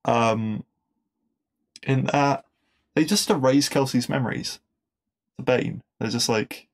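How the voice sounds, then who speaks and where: A man hosts a casual podcast, talking at a middling pitch with a gravelly, creaky edge to his voice. He rambles along with plenty of fillers and restarts. He chuckles at his own jokes as he goes. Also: slow, long pauses. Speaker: podcast host. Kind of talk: casual episode review.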